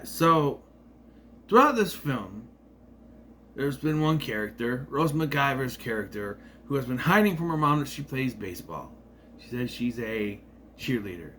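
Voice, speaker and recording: A man's voice: medium pitch, pushed and bright. A man giving a casual, rambling movie review with sarcastic asides.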